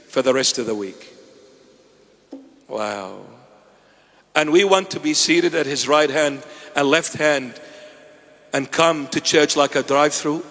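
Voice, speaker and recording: A man delivering a sermon as a bishop, his voice sitting high for a man. He moves between loud declarations and hushed asides and acts out quoted dialogue. His words ring out with a long reverb from the church around him. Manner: preaching with sharp rises and drops in loudness.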